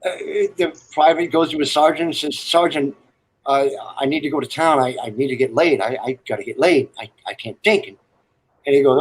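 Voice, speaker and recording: A man's voice: fairly high pitch, expressive, fairly quick, breathy edge, low-quality recording. A man telling rambling, crude military stories and jokes in casual chat, laughing at his own lines. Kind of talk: casual storytelling on a live stream.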